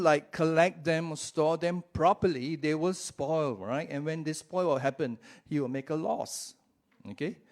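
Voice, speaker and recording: A man delivering a sermon in a church, speaking at an unhurried, deliberate pace. His voice sits a little high for a man, and he keeps the talk conversational, checking in with his listeners and stretching out the words he wants to stress. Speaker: pastor.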